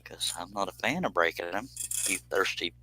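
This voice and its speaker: Bright joking man streaming. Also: low-pitched, lively intonation, moderate pace, breathy edge, low-quality recording. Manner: joking, rambling, teasing. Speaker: live stream host. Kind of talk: casual live stream chat.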